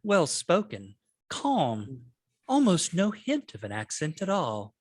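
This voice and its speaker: Guy playing a lady dwarf, calm and deadpan, no accent, talks slow. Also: fairly high pitch, no echo, clean studio sound, voice pushed up, full character voice. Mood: wry. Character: calm, dry female dwarf, well-spoken.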